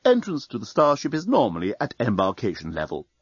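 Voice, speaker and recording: A man voicing a courteous male robot steward who apologizes in a smooth, formal, soothing way, as in an audiobook. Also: medium pitch, wildly swooping pitch, a little fast, no echo. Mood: polite. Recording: dry, dull studio recording.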